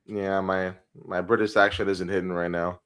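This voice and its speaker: A man's voice: sits low, level tone, normal speed, fairly bright tone, clear, resonant tone. A man co-hosting a podcast, joking crudely in loose casual banter. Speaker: podcast co-host. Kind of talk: casual chat.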